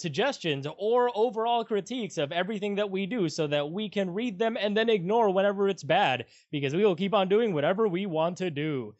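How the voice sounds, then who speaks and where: A man's voice: high-pitched, lively intonation, brisk, few pauses. Upbeat young man co-hosting, lo-fi. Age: young adult. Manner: joking, upbeat, laughs often. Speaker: podcast co-host. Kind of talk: casual chat. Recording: dull lo-fi podcast audio.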